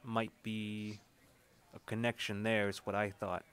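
A man voicing a male frontier informant who talks slowly and haltingly. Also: fairly low pitch, little pitch movement, a bit bright, clear, resonant tone. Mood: wary. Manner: slow and halting, with hesitations.

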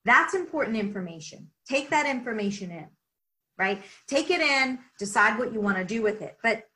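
Bright-voiced woman leadership coach. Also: fairly high pitch, normal speed, rough recording. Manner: energetic, lots of "right?" asides. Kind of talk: interview answers, explaining.

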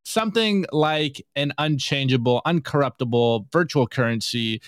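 Smooth, dry-voiced male podcast host. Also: medium pitch, moderate pace, dry recording. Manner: energetic, laughs often, slangy. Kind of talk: casual meme review commentary.

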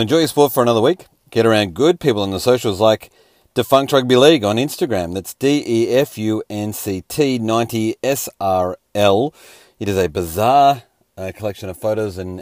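Aussie guy doing a footy tweet roundup, bit scratchy from a hangover, lowish voice, dry close sound. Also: no echo. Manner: wry, joking asides. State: hungover, a little scratchy. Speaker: host. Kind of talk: casual sports round-up.

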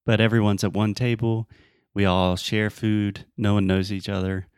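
A man's voice: lowish voice, level tone, normal speed, smooth, dry recording, clean studio sound. A man with a Southern American accent, hosting a podcast and giving upbeat, step-by-step advice to learners. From Southern United States. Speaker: podcast host and English teacher. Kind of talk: casual podcast chat.

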